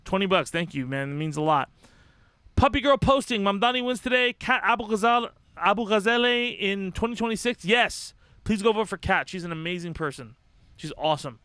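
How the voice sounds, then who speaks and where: Young male streamer, high bright voice, sweary and fired up, dry close sound, casual rambling delivery. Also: fairly quick, clean tone, dry recording. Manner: profane, impassioned, rambling with restarts. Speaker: livestream host. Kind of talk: casual livestream commentary.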